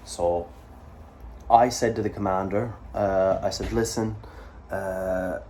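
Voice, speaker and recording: A man's voice: deep voice, steady tone, slow pace, warm tone, a little hiss or hum. A man from Canada telling a war story in a casual, rambling way, with swearing and frequent fillers. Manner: rambling, profane, full of fillers and asides. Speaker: vlogger.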